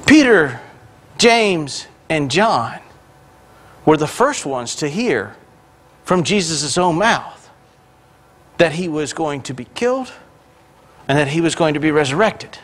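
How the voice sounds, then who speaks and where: A man's voice: a little high, very animated, slow, pauses often, a bit bright. A man who is a pastor, preaching a sermon in a church. He retells scripture in everyday words and mixes in joking asides. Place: church sanctuary.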